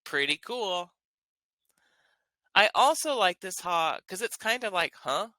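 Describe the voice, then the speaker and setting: A woman's voice: fairly low pitch, expressive, slow pace, sharp tone, dry recording. A woman teaching a language lesson, explaining grammar in an upbeat, enthusiastic way. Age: adult with children.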